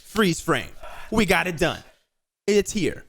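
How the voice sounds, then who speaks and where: A young man co-hosting a casual podcast, excitable, often jumping up in pitch when he reacts. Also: takes it slowly. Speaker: podcast co-host. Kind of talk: casual chat.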